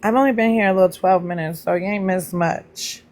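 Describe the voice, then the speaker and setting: A chatty woman hosts a casual livestream and talks straight to her viewers. She greets people by name in a voice that leaps up high, then drops back down to relaxed, playful teasing. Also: fairly quick. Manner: pitch jumps up high when greeting people. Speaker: livestream host.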